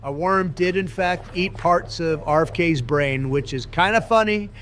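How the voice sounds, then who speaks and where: Brief: a man doing a fairly high-pitched, bragging blowhard politician bit for a comedy game stream. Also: a little slow, a bit bright, a little hiss or hum. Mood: mocking. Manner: bragging, insulting, repetitive superlatives. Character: boastful blustering male politician impression. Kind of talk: comedic gameplay voice impression.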